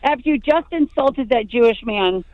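A woman's voice: a little high, animated, normal speed, no room sound, muffled recording. A middle-aged woman comedian calling in from outdoors at a festival, playful and teasing in a comic chat. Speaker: comedian and regular correspondent.

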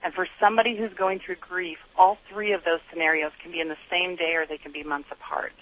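A woman's voice: lowish voice, fairly even intonation, fast, fairly bright tone. A middle-aged woman, a guest, telling her story earnestly and acting out her own inner dialogue. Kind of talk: candid interview storytelling. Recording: dull lo-fi sound.

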